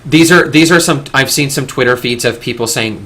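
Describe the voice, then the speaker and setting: A man's voice: medium pitch, a little fast, pushed and bright. A young man hosting a casual discussion, talking earnestly in long, rambling stretches with frequent restarts. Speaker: discussion host.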